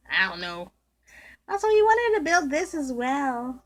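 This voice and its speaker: A woman's voice: sits high, big pitch swings, unhurried. A woman casually commenting while she plays a video game, teasing and joking about the game's characters. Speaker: gameplay video host. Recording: game music playing clearly underneath. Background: game music.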